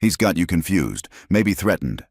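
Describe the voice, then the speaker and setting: A man performs a contemptuous frontier townsman leading an armed mob. He snarls, and his lines climb well above the reader's very deep voice. The storybook read is dry and close. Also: very animated, moderate pace, breathy edge, dry recording, heavily acted.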